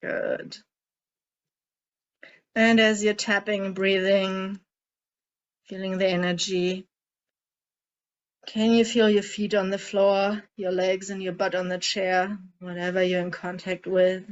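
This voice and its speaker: A woman coaching a group through a guided tapping and emotion-release exercise, speaking in a gentle, coaxing way and asking many guiding questions. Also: mid-range voice, little pitch movement, measured pace, dull audio. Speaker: emotional eating coach leading a group session.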